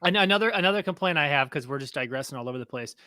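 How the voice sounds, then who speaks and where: A man co-hosting a podcast in casual conversation, with a bright, forceful voice. He talks in an animated way, slowing down to mimic words mockingly. The sound is dry and close. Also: a little high, dry recording. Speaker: podcast co-host. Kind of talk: casual chat.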